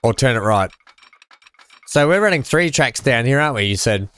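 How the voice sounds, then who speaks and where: A live-stream gaming host from Australia talks at normal speed in a smooth, slightly bright, medium-pitched voice with plenty of expression. He's relaxed with his viewers, joking and laughing often as he plays.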